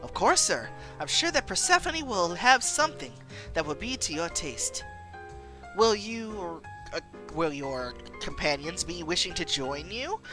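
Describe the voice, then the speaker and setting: A woman's voice: lowish voice, big pitch swings, measured pace, music in the background. A woman voicing a deferential, discreet male waiter with polite, formal phrasing, read aloud from a story game.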